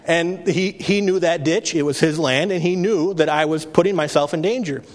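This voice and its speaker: A man's voice: fairly high pitch, moderate pace. A man in his thirties, a pastor giving an earnest, conversational sermon with frequent restarts. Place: church sanctuary. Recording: long reverb of a hall.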